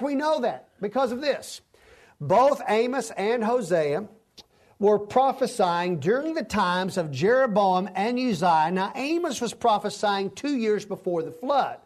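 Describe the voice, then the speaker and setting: A man's voice: sits high, a little mellow. A man teaching a Bible study lecture in a conversational way, often restarting his sentences.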